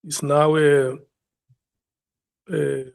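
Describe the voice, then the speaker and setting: A man chairs the hearing in a slow, gravelly voice. His pitch sits somewhat high for a man, and he often repeats words as he restarts. The recording is dry and close. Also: little pitch movement, dry recording. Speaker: committee chair.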